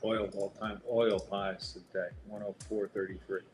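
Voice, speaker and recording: A man's voice: lowish voice, flat delivery, normal speed, a little mellow, soft background music. A man on a day-trading live stream, telling stories in a rambling, profane, casual way.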